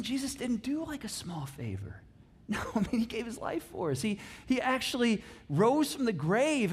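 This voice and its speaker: Animated high-voiced pastor. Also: male voice, husky. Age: middle-aged. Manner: animated and chatty, with many restarts and asides. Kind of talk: conversational sermon.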